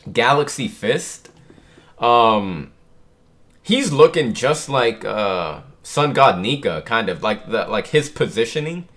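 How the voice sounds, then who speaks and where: A man hosting a casual manga chapter reaction, reading the panels aloud and reacting with lively excitement. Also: medium pitch. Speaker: channel host.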